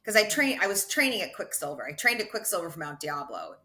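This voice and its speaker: A middle-aged woman with a bright, forceful tone and a slightly low voice tells her story as a podcast guest. She talks casually and is quick to laugh. She often breaks off and restarts her sentences. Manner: animated, quick to laugh, self-correcting restarts. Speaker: podcast guest, ultra runner.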